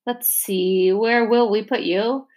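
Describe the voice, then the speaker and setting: A woman's voice: medium pitch, fairly even intonation, slow, a little mellow, lightly acted. A woman voicing a flustered, scatterbrained woman doctor who hesitates and trails off.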